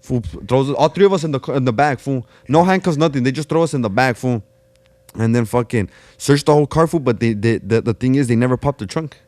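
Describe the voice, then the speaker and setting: A young man rattles through a story at a quick clip, his talk packed with slang, swearing and "fool." He starts lines over as he goes, and the sound is close and dry, with no room in it. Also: mid-range voice, darkish tone, dry recording. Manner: slangy, profane, repeats "fool" and restarts. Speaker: podcast guest. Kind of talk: casual storytelling.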